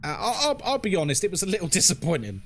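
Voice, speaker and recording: Man, London accent, live game streamer, frank and chatty, lively intonation, slightly high voice. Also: fast. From England. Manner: chatty and frank, answers chat while playing.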